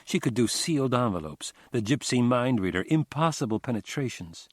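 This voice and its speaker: A man's voice: medium pitch, expressive, normal speed, hardly any pauses, no echo. Man narrating a crime novel, dry and close. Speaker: audiobook narrator. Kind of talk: scripted narration.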